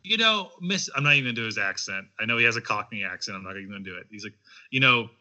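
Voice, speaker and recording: A man co-hosting a podcast, rambling and halting through crude comedic banter and mocking impressions. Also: fairly low pitch, fairly even intonation, pushed and bright.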